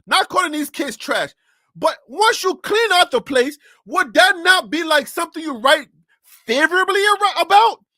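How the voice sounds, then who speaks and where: A very high-pitched, sharp-toned sports talk host rants animatedly on a live stream, leaning on rhetorical questions and repeated phrases. He speaks into a desk USB mic, and the recording is dry and studio-clean.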